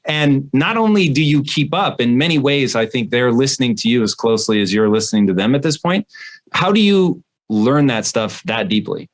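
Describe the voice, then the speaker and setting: A man's voice: medium pitch, normal speed. A man interviewing a guest in a casual, admiring way. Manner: admiring, lively questioning.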